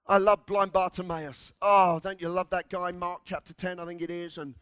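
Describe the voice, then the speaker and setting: High-voiced impassioned male preacher. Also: level tone, moderate pace, clean tone, no room sound. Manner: impassioned, shouting in bursts, congregational call-and-response. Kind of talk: sermon. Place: church.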